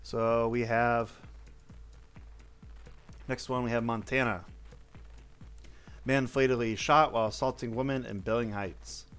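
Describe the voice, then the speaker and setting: A man's voice: mid-range voice, steady tone, unhurried, pauses often, fairly bright tone, smooth, soft background music. A man hosting, reading news stories aloud with blunt, offhand asides and some cursing. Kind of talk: casual news read-through with commentary.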